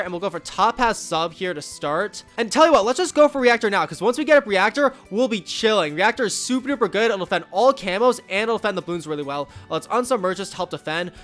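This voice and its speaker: A man's voice: sits high, a bit bright. A young man giving casual gameplay commentary as a YouTuber, upbeat and rambling with many fillers and asides. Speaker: gaming YouTuber.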